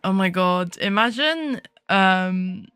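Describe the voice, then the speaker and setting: Giggly woman, slow chatter. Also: medium pitch, expressive, fairly bright tone, clear, resonant tone, faint music behind. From United Kingdom. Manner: giggly, swears freely, self-mocking. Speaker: VTuber streamer. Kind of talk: casual chat while drawing on stream.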